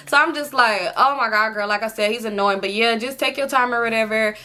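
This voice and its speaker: Fast-talking young woman telling a story. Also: noisy background. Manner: animated retelling, acts out quotes with pitch jumps; heavy slang and filler, fast rambling. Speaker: storytime vlogger. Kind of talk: casual storytelling.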